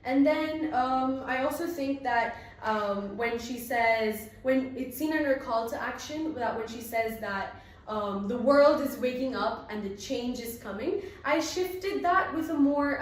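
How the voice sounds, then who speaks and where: A woman's voice: a little high, slight background noise. A teenage girl taking a drama exam, speaking earnestly with some ums as she reflects on her performance. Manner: earnest, rehearsed, with frequent ums. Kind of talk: exam recitation and spoken reflection. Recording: very echoey room, from a distance.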